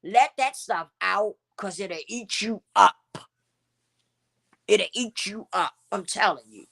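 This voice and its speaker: Bright-voiced emotional woman talking candidly. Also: medium pitch, slow pace, creaky. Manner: emotional, candid, repeats phrases for emphasis. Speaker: channel host. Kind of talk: heartfelt personal vlog talk.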